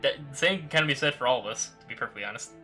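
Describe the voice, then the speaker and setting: A man's voice: mid-range voice, expressive, very fast, bright, forceful tone, faint music behind. A man chatting casually with a friend during a game, easygoing and laughing often. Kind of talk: casual chat over voice chat.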